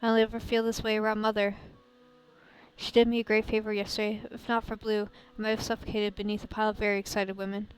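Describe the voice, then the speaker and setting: A woman voicing a tired, gentle young man who teases softly in a visual novel game. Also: medium pitch, flat delivery, fast, soft background music, natural voice, low-quality recording. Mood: gentle teasing.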